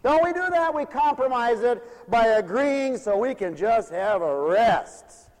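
A man's voice: very high voice, expressive, a little slow, a little mellow, big-room sound. A man preaching a folksy sermon, acting out the people he quotes.

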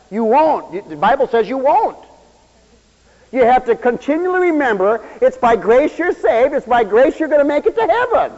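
This is a man preaching a sermon in a high, lively voice. He leaps between loud exclamations and quiet asides and acts out the people he quotes. The sound is a dull, lo-fi radio recording with long hall reverb. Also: normal speed.

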